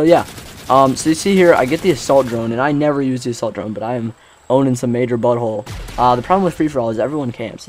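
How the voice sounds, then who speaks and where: A man's voice: medium pitch, darkish tone. Teen guy gaming commentator, chatty storyteller, loose and rambling, acts out other people. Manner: rambling, filler-heavy, acts out quotes. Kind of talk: casual storytelling over gameplay.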